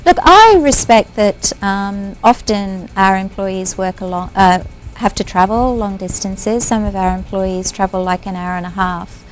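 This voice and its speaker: A woman's voice: medium pitch, measured pace, slight background noise, low-quality recording. A woman, a business owner speaking as a guest in a TV studio interview in an upbeat, playful way. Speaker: company owner.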